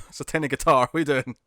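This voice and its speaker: A man's voice: on the high side, no room sound, clean studio sound. A man co-hosting a TV podcast, chatting casually and animatedly, laughing as he retells scenes. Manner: animated, laughing, quick retelling with acted quotes. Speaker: podcast co-host. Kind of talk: casual chat about TV episodes.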